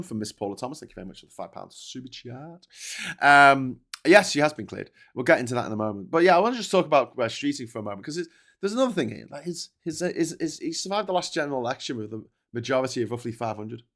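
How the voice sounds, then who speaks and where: A man's voice: medium pitch, lively intonation, fast talker, a bit bright. Man with a posh Scouse accent, rambling and sweary. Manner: rambling, sweary, stop-start with many restarts; reads and answers live chat messages. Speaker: political livestream host. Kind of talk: casual live-stream commentary.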